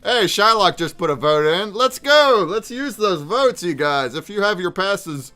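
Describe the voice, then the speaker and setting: Man, livestream host, casual hyped chat, lively up-and-down pitch, soft music underneath. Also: moderate pace. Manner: hyped, calls out chatters by name.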